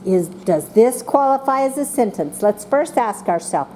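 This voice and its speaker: A teacher in a classroom, a woman whose pitch rises and falls a lot as she coaxes answers from small children. Her tone is mellow and warm rather than bright, and she leads the lesson patiently, with a faint hiss of room noise behind her. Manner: slow and patient, calling on children by name, voicing excited examples.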